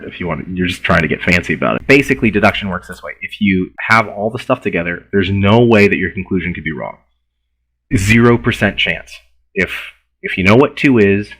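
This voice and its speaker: A man's voice: low voice, fairly bright tone, husky, low-quality recording. A man giving a university philosophy lecture in a conversational way, often restarting words and repeating himself.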